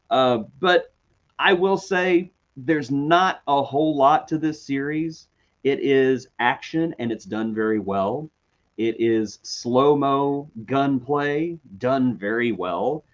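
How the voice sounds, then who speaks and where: A man co-hosting a TV review podcast, talking casually in a chatty, animated way and often apologizing. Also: medium pitch, slow pace, highs cut off. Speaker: podcast co-host.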